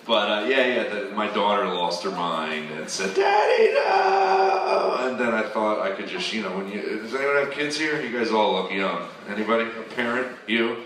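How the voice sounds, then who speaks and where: A man's voice: fairly low pitch, brisk, few pauses, pushed and bright. A man doing a stand-up set in a comedy club, chatty and riffing with the audience. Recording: distant roomy club recording. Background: audience laughter.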